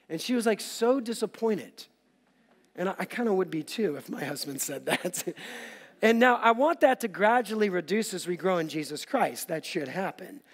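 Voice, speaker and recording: Male pastor, middle-aged, high voice, lively sermon delivery with playful asides, church hall reverb. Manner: energetic, joking asides to the congregation. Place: large church auditorium.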